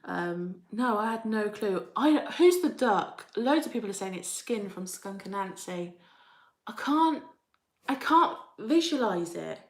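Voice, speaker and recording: A woman's voice: medium pitch, animated, a little slow. A woman hosting a live chat, reading out viewer comments in a rambling, chatty way and laughing often. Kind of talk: casual chat. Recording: roomy echo.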